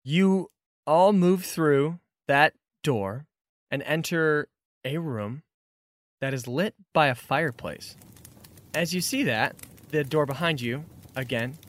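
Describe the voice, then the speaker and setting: A man's voice: mid-range voice, slow, slight background noise. A man narrating scenes as game master of a tabletop game, in a descriptive, scene-setting manner.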